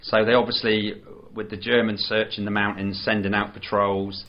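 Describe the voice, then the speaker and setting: A man's voice: fairly low pitch, little pitch movement, moderate pace. Rambling man on a lo-fi podcast. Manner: rambling, full of restarts and "you know". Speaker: podcast co-host. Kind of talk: casual chat reviewing a film. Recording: dull lo-fi podcast audio.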